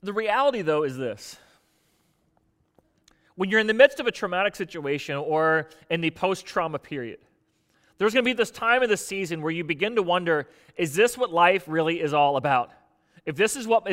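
A man with a rather high speaking voice delivers a sermon in a relaxed, conversational way. He puts scripture into everyday words and grows more intense as he voices its speaker. His voice carries a long hall reverb. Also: normal speed. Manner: paraphrases scripture in lively conversational speech, voicing Job with rising intensity. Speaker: pastor.

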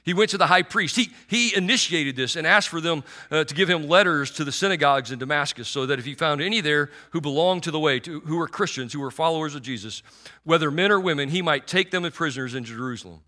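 A man's voice: fairly high pitch, fast, bright, forceful tone. A middle-aged man preaching a sermon in a conversational, sarcastic way, with many restarts and fillers.

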